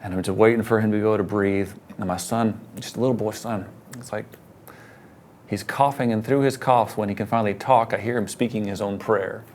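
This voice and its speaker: Earnest, animated pastor telling stories. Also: male voice, on the low side, a little fast, slight background noise. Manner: earnest storyteller, animated when quoting. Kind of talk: casual conversation about faith.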